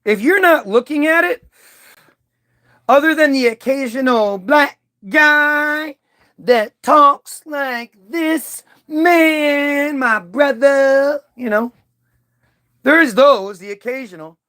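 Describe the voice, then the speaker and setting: A video commentator delivers a heated, profane monologue to camera in a very high, bright, forceful voice, animated yet slow-paced. He rambles, restarting often and trailing off into asides, and he's an adult old enough to remember early-2000s hits.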